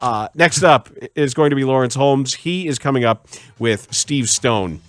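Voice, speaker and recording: A man hosting sports talk radio, joking around and sometimes rising to shouts of disbelief. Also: mid-range voice, normal speed, faint music behind.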